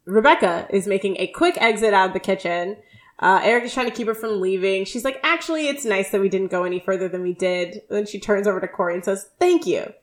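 A woman co-hosting a podcast, recapping scenes in casual chat, often laughing and quoting characters in lively voices. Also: medium pitch, fast. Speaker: podcast co-host.

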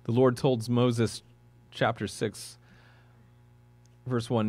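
A male pastor delivers a sermon in a plain, chatty, earnest manner, his voice now and then lifting into emphatic bursts. He sits at a middle pitch for a man, and the sound is dry and close with hardly any room around it. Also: little pitch movement, slow, long pauses, darkish tone, no room sound. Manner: conversational and earnest, with sudden emphatic rises. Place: church.

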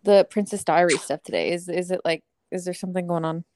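A woman's voice: lowish voice, quick pace, darkish tone, a little hiss or hum. A woman co-hosting a casual chat, bubbly and self-deprecating, laughing often as she tells stories. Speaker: podcast co-host. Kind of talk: casual chat, telling anecdotes.

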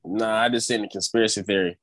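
A man's voice: fairly low pitch, fairly even intonation, quick pace, fairly bright tone, husky, dry recording. A man co-hosting a podcast, joking and playful in casual chat. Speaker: podcast co-host.

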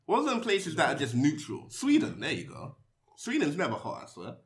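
A man's voice: on the high side, wildly swooping pitch, brisk. A young man, hosting a casual podcast and telling provocative, rambling jokes. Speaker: podcast host.

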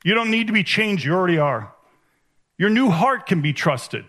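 Animated high-voiced male preacher. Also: normal speed. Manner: animated and emphatic, swinging between hushed and raised. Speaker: conference speaker. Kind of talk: sermon. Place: conference hall.

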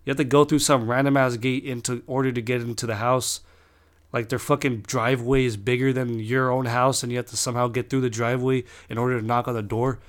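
A man's voice: mid-range voice, level tone, fast. Profane young man rambling. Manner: rambling, heavy swearing, frequent restarts. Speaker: storyteller. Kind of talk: casual storytelling.

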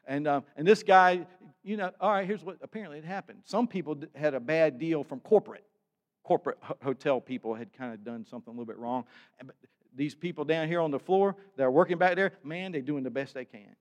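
A man's voice: a little high, quick pace. A male pastor, preaching a sermon in a folksy storytelling way and acting out the people in his stories.

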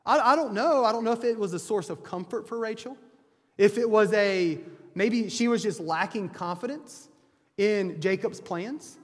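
A man delivers a sermon in a high, light voice, telling the story in a loose, conversational way. He often backs up and restarts his phrases. His voice rings out with a long reverb, as in a big hall. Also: moderate pace, a bit bright. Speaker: preacher. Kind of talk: sermon retelling a scripture story.

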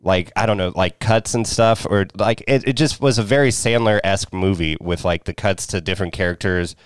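A man's voice: deep voice, brisk, clear, resonant tone, dry recording, clean studio sound. A man co-hosting a podcast in casual movie review chat, swearing freely and rambling with many fillers. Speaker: podcast co-host.

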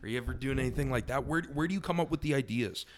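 A man's voice: medium pitch, rapid-fire. A man hosting a casual interview, asking chatty, rambling questions. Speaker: host.

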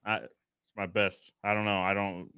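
A man's voice: on the low side, flat delivery, moderate pace, bright, forceful tone, clear, resonant tone, no room sound, clean studio sound. A man hosting a podcast in casual live-stream chat, upbeat, greeting viewers and reading their comments aloud. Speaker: podcast host.

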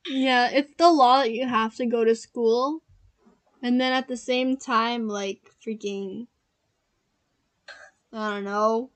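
A woman's voice: on the high side, steady tone, slow pace, pauses often. A young woman co-hosting a casual podcast, rambling with lots of fillers and giggles. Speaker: podcast co-host. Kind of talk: casual chat.

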